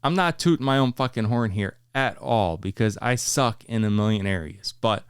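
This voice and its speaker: Rambling, profane American podcast host; low, smooth voice, dry close mic. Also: male voice, moderate pace, no room sound. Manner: profane, rambling, laughs often. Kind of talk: casual monologue rant.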